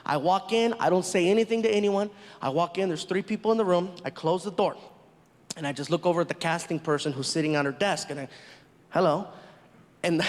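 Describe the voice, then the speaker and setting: High-voiced man telling a stand-up story. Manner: animated, acts out every character. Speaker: stand-up comedian. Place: large stage in front of an audience. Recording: reverberant live venue.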